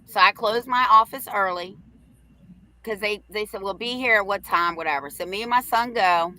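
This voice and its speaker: A middle-aged woman hosting a livestream, telling a story in a brash, profane, animated way. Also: medium pitch, moderate pace, poor audio. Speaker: host.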